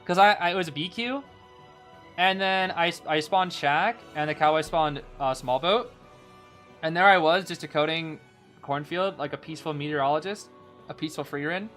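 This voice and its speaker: A young man commentating live gameplay as a streamer, excitable, dropping into low groans and then breaking into sudden shouts. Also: normal speed, soft background music. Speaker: game streamer.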